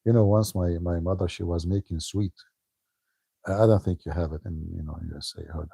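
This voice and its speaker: A man's voice: sits low, gravelly, dark tone, husky, no echo. A man giving a casual livestream talk as an online commentator, joking and laughing often.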